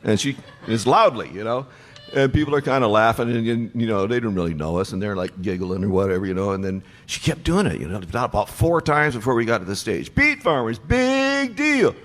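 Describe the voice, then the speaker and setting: A man in his sixties telling band road stories on stage before an audience, animated and acting out the voices of people in his stories. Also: fairly low pitch, quick pace. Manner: animated storyteller, acts out quoted voices. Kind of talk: onstage storytelling panel.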